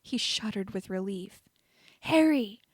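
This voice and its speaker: A woman reading fan fiction aloud as an audiobook narrator, steady and even. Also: mid-range voice, moderate pace, dry recording, clean studio sound. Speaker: audiobook reader.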